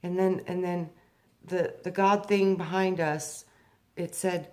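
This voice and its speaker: A woman in personal spiritual storytelling, slow and hushed on deep points, animated when reliving a memory. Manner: animated, rises sharply when acting out her younger self. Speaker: spiritual speaker.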